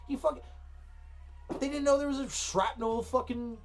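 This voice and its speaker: A man's voice: very high-pitched, moderate pace, a little hiss or hum. A man co-hosting a podcast, chatting casually with lots of swearing and restarts. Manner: profane, animated, rambling with restarts. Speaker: podcast co-host. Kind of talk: casual chat.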